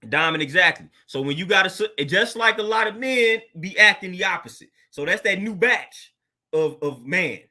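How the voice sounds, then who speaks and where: A man's voice: sits high, lively intonation, normal speed, bright, forceful tone. A man hosting his own show, talking casually in a laid-back, slang-filled monologue and laughing often. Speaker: podcast host.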